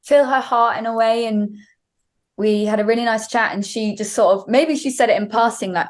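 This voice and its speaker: Guesting on an interview show, a young female singer speaks in a slightly high voice at a moderate pace. She relates a lengthy story in casual conversation, peppered with fillers.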